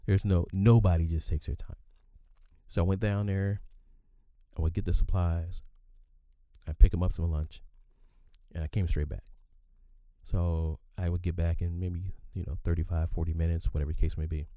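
A man's voice: low-pitched, level tone, moderate pace, pauses often, dark tone, dry recording, muffled recording. A man in his fifties telling a casual work story as a podcast host, chatty and often checking in with his listeners.

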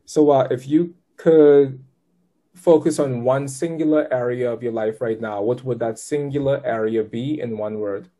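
A man reads tarot for a client over a live session. His voice is warm and mellow at a middle pitch. He sounds chatty and upbeat, guiding her patiently step by step. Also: steady tone, unhurried. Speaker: tarot reader.

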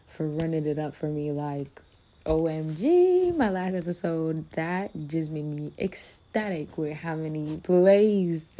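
Casual podcast host, young woman, deep warm tone, blunt and profane, talks straight to listeners. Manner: candid and profane, addresses listeners as loves. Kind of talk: casual motivational monologue.

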